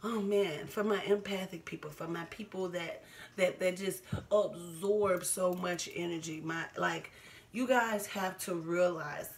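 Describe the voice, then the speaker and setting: A woman in her twenties speaking candidly to camera as a vlogger, laughing often and repeating herself for emphasis. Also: lowish voice. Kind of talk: casual personal talk to camera.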